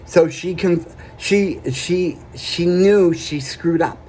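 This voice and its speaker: Speaking slowly in a high, darkish voice over a faint hiss or hum, a vlogger recounts a personal story to camera. His delivery is plain-spoken, earnest, and emphatic, punctuated by repeated "okay?" check-ins.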